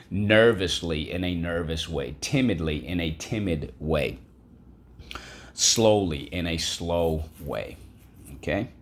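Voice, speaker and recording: A man with a low voice leads a classroom vocabulary lesson. He is patient and repetitive, spelling out sounds and prompting students to echo each word. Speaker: teacher.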